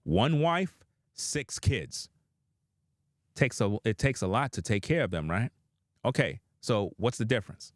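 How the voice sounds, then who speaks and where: A man's voice: fairly low pitch, animated, normal speed, dry recording, clean studio sound. A man giving opinionated reaction commentary, blunt and profane, addressing his viewers directly.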